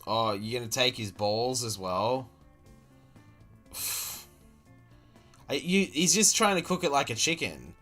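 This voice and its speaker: An Australian man rants through a video he is watching, cursing and sounding disbelieving the whole way. His pitch sits in an everyday middle range. Faint music plays quietly behind him. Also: lively intonation, moderate pace, long pauses. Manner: exasperated, sweary, incredulous. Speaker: streamer reacting to a video. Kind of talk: profane running commentary.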